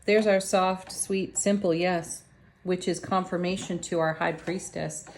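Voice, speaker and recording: A woman's voice: on the low side, fairly even intonation, a little slow, a little hiss or hum. A woman reading tarot cards to her viewers in a casual, chatty, upbeat way. She laughs often and talks straight to her audience. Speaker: tarot reader.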